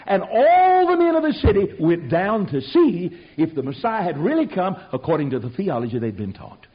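A man preaching an animated sermon, telling the story in a folksy way and swinging from loud to hushed. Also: sits high, moderate pace. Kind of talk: animated sermon with acted-out voices. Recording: dull lo-fi sermon recording.

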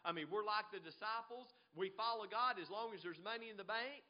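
A man preaching a sermon, emphatic, swinging between loud peaks and low asides, often asking "amen?" of the congregation. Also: brisk, few pauses, lo-fi sound. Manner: emphatic, rises and drops sharply, repeats "amen?" to the congregation.

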